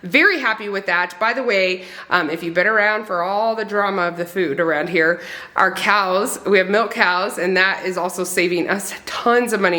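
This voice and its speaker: A woman talks casually to her viewers in a chatty, upbeat vlog. She rambles along with plenty of ums and restarts. The tone is relaxed and friendly throughout. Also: mid-range voice, moderate pace. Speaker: homesteading family vlogger. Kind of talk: casual chat to camera.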